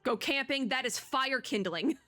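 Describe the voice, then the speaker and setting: A woman's voice: high voice, lively intonation, unhurried, bright, forceful tone, dry recording, faint music behind. A young woman streamer chatting and joking while reading game dialogue aloud in a let's play. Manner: chatty, joking, laughs often. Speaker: VTuber streamer.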